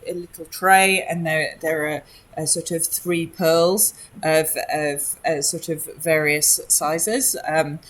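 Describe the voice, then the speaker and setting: A woman game master narrates a tabletop game slowly, with a lowish voice. She describes scenes haltingly, full of pauses and restarts. Her delivery is unhurried and thoughtful. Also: steady tone. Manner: hesitant, many ums and restarts, descriptive.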